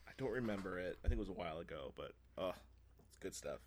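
A man's voice: sits low, expressive, quick pace, darkish tone. A man co-hosting a comedy podcast, chiming in with sarcastic jokes. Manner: sarcastic, playful. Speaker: podcast co-host. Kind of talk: casual comedic chat.

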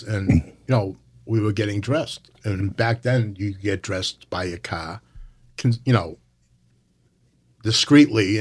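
A man, an umpire guest, telling stories casually in a rambling way with many restarts. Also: lowish voice. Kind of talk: casual storytelling.

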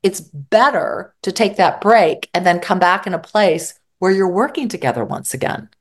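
A woman therapist talking in an interview, animated and acting out quoted exchanges. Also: on the low side, normal speed. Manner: animated, acts out quoted dialogue. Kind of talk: interview conversation.

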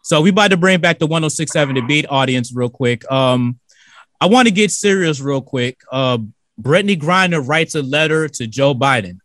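A man's voice: fairly high pitch, expressive, normal speed, a bit bright, dry recording. A man co-hosting a radio talk show in a studio, loose and slangy, cursing freely. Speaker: radio co-host.

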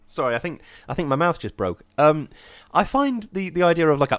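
A man, chatting casually on a podcast, animated and acting out quoted voices as he talks. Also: fairly high pitch, a little fast, dry recording. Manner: animated, acts out quoted voices, frequent "do you know what I mean". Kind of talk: casual chat.

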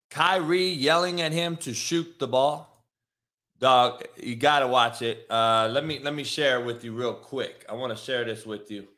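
A man hosting a sports talk show, brash and profane, ranting about the news. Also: fairly high pitch. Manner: brash, swearing, animated.

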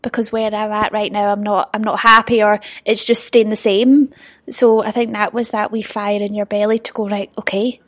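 Woman hosting a podcast, higher husky voice, dry close sound, encouraging explainer. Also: flat delivery, moderate pace, no echo. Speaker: podcast host. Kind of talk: podcast conversation.

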